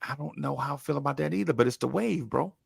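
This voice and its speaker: Gravelly laid-back podcast host. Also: male voice, on the high side, fast, dry recording, clean studio sound. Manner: laid-back, rambling with restarts and slang. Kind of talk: casual sports chat.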